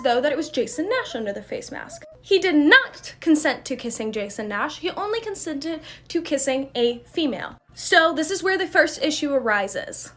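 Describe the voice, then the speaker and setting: A woman with a high, bright pitch reads out a scripted recap. She keeps a measured, matter-of-fact tone throughout. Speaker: storyteller.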